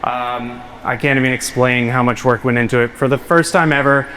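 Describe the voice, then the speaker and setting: A man's voice: mid-range voice, fairly even intonation, brisk, fairly bright tone, clean tone. A man giving a keynote talk to a live audience, telling a story in an earnest way and getting choked up. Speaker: keynote speaker. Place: large hall before a live audience.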